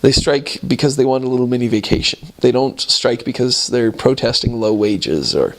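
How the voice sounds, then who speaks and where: A man, a returned missionary, telling casual stories about his mission in a relaxed, rambling way with frequent chuckles. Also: mid-range voice, normal speed.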